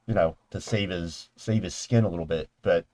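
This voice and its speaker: A man's voice: sits low, moderate pace, a little mellow, no room sound. Easygoing man, dry close voice. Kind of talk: casual wrestling chat.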